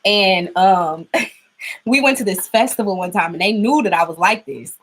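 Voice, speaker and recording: A woman's voice: medium pitch, lively intonation, normal speed, a little hiss or hum, low-quality recording. A young adult woman chatting casually through a tarot reading, laughing often. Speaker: tarot reader.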